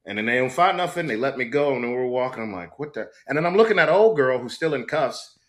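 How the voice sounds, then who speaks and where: A middle-aged man guest in a casual interview, telling a story with lively acted-out quotes. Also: fast talker. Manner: animated storyteller, acts out quotes with big pitch jumps. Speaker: actor guest.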